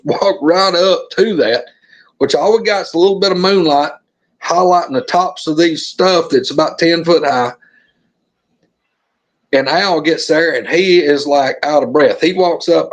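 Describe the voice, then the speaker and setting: Middle-aged man from Alabama, Southern accent, high-pitched, animated storytelling podcast guest. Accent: Southern American. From Alabama, USA. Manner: animated, acts out the scenes.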